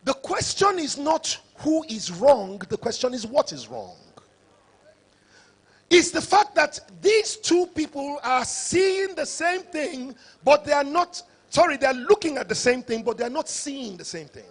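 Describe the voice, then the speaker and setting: A man giving a motivational conference talk, preacher-like and rising to shouts for emphasis. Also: very high-pitched, lively intonation, unhurried. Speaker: conference speaker.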